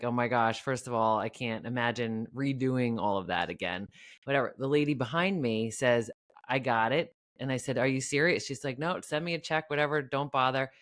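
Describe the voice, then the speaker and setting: A woman's voice: extremely low pitch, no echo, clean studio sound. A woman hosting an interview, affirming her guest and telling her own story. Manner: warmly affirming, shares her own anecdote. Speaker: podcast host. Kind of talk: interview conversation.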